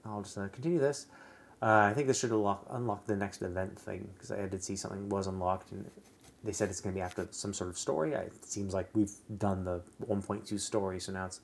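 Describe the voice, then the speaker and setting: Rambling low-voiced male game streamer. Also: fairly even intonation, brisk, vocal fry, a little hiss or hum. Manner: rambling, frustrated, many fillers and restarts; swears casually. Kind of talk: casual gaming stream commentary.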